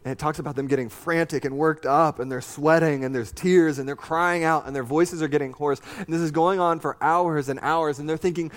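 A man preaching a sermon, reading scripture and adding animated, conversational asides with a joking streak. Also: on the high side, fairly quick, few pauses. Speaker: pastor.

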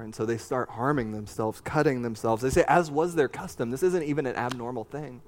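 A man preaching a sermon, reading scripture and adding animated, conversational asides with a joking streak. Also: medium pitch, fairly quick, few pauses. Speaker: pastor.

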